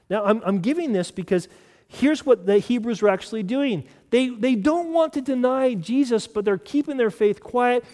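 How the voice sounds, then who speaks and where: A male pastor preaching a sermon in an earnest manner, repeating key phrases and dropping to soft emphasis. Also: sits high, in a large hall.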